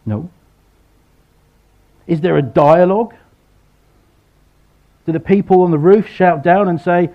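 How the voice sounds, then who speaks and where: A man preaching a sermon, acting out the people in the story with sudden loud voices. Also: high voice, slow pace, long pauses. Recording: dull lo-fi sound.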